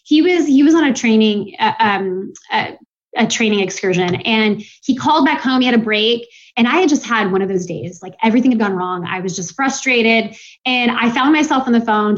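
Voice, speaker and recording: A woman sits as a podcast guest and shares her experiences in an earnest, reflective tone, her speech full of casual fillers. Her voice sits on the higher side. The recording sounds a little dull and muffled. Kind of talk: casual interview chat.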